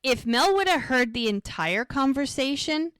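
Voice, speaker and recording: A woman co-hosting a podcast, retelling a TV episode in a chatty, animated way. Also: high-pitched, moderate pace, smooth, dry recording. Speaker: podcast co-host. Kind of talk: casual episode recap.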